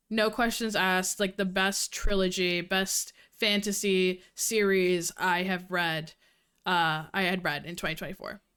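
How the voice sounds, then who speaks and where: A woman livestreaming casual chat with her viewers, talking fast and cursing freely, a little out of breath. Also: medium pitch, fairly bright tone, clean tone. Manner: fast-talking, profane, giggly. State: slightly out of breath. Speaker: livestreamer reviewing books.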